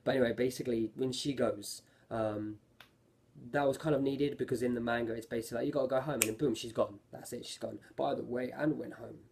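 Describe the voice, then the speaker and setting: A man with a mid-range, darkish voice and vocal fry speaks fast with fairly even intonation. He gives a casual, rambling review of an anime episode, full of fillers and often correcting himself mid-sentence. There's slight background noise.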